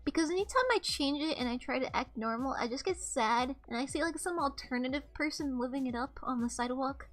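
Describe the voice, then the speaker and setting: A young woman with a high, light voice chats on a livestream, rambling through candid, offhand stories and swearing freely. Soft music plays quietly behind her. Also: brisk, hardly any pauses. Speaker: streamer. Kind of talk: casual livestream chat. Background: faint background music.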